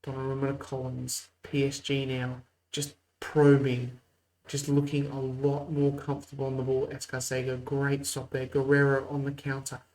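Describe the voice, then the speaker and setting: A man's voice: mid-range voice, completely flat delivery, normal speed, darkish tone, poor audio. A man hosting a let's-play video, mixing mock play-by-play calls with muttered asides. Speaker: host. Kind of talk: casual let's-play game commentary.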